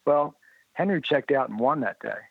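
A man's voice: mid-range voice, normal speed, vocal fry, slightly rough, no room sound. Man telling stories over a phone-like line. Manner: lively storyteller who acts out quoted dialogue. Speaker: interview guest, motorcycle writer. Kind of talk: anecdotal storytelling in an interview. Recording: narrow phone-like line, dry.

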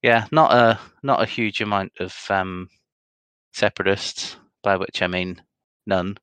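Brief: male co-host, low gravelly voice, dry close sound, rambling casual delivery. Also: steady tone, measured pace, a bit bright, no echo. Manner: rambling, many ums, reads out results. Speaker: podcast co-host. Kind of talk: casual chat.

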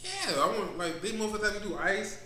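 An animated man in casual chat, swearing freely and laughing often. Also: high-pitched, quick pace, echoey room, crowd noise. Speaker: podcast co-host.

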